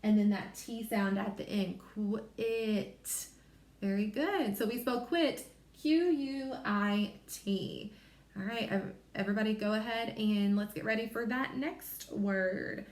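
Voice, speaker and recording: A woman teacher giving a recorded phonics lesson to young children, sounding out letters and word parts slowly and clearly. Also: mid-range voice, echoey room.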